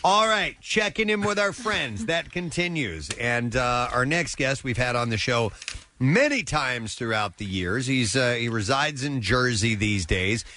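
A man's voice: medium pitch, animated, a little slow, bright, forceful tone, slight background noise. A man hosting a morning radio show, chatting casually and telling stories with joking asides. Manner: loose storytelling with joking asides.

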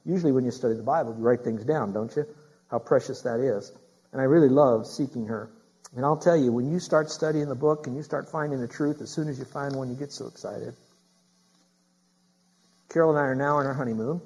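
A man's voice: medium pitch, fairly quick, darkish tone, breathy edge, rough recording. A middle-aged man preaching a sermon, emphatic and repeating key phrases to his congregation. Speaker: pastor.

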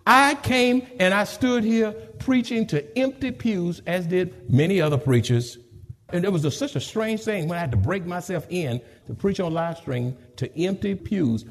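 A man preaching a fervent, emphatic sermon while he has a cold, his husky voice rising and falling. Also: fairly high pitch, big-room sound. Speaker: pastor. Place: church sanctuary.

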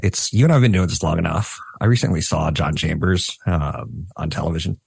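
A man's voice: low voice, animated, fairly quick, vocal fry, darkish tone, breathy edge, dry recording. A middle-aged man co-hosting a finance radio show, chatty and amused, asking follow-up questions. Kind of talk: casual radio chat.

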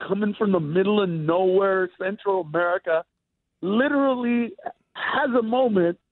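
High-voiced man telling stories on a tinny line. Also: no echo. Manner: animated, laughing as he acts out family stories. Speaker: stand-up comedian guest. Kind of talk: casual storytelling chat. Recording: tinny phone-like dry sound.

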